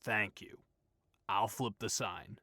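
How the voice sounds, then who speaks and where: A man voicing a gruff, officious, short and balding store manager with a rambling, wheedling manner in an audiobook. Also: fairly low pitch, fairly even intonation, slow pace, sharp tone, no echo, exaggerated voice. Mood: pleading, flustered. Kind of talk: audiobook character voice.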